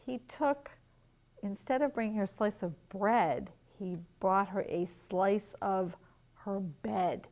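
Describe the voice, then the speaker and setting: A woman teacher reading a picture book to young children at home, gently asking questions and explaining words. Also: mid-range voice, slow.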